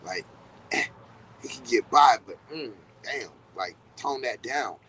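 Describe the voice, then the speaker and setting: A man talks in a loose, rambling way and swears casually. He acts out little reactions as he goes, at a medium pitch. Faint traffic and street noise sit in the background. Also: expressive, measured pace, bright, forceful tone, rough recording. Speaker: podcast host. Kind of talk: casual spiritual talk.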